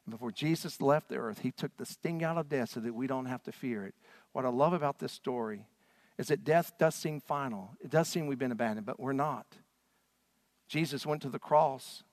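A man preaching a sermon as a pastor, swinging from loud, fervent passages to hushed ones. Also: mid-range voice, normal speed, dry recording.

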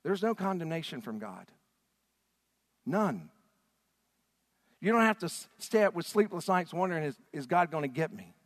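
A man preaching a sermon as a pastor, swinging from hushed lines to loud call-and-response with the congregation. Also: on the high side, sing-song, moderate pace, pauses often, long reverb tail.

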